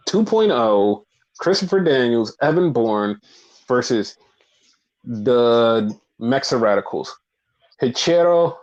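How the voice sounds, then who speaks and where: A man co-hosting a casual wrestling recap podcast, blunt and profane, talking in an animated, opinionated way. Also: medium pitch. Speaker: podcast co-host. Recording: dull lo-fi podcast audio.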